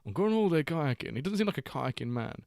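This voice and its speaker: A man's voice: on the high side, very animated, fast talker, vocal fry, a little mellow, dry recording, clean studio sound. A man hosting a live watchalong stream, reading chat aloud and bantering with a jokey, laughing manner.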